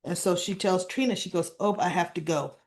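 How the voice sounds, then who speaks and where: A woman's voice: lowish voice, a little mellow. Chatty woman recapping a soap. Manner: chatty, opinionated, acts out characters' lines in quick quotes. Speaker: soap opera recap host. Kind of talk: casual chat.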